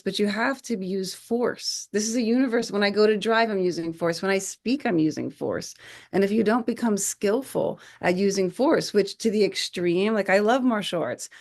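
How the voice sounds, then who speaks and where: Animated woman telling stories on a podcast. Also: mid-range voice. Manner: animated storyteller who acts out quotes and often restarts phrases. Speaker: podcast guest. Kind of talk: conversational podcast storytelling.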